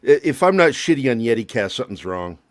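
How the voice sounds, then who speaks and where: A man's voice: mid-range voice, sing-song, quick pace, no echo. A man guesting on a livestream, joking and teasing in casual chat over a video call. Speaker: guest YouTuber.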